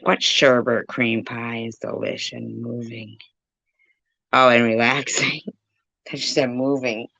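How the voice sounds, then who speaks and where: Gravelly, forceful woman ranting on a livestream. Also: a bass voice, little pitch movement, slow, dry recording. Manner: profane, confrontational, rambling. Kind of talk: livestream rant. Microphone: phone.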